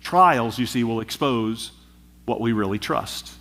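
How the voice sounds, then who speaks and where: A pastor preaching a sermon, with emphatic delivery and rhythmic repetition. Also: male voice, medium pitch, unhurried, fairly bright tone. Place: church.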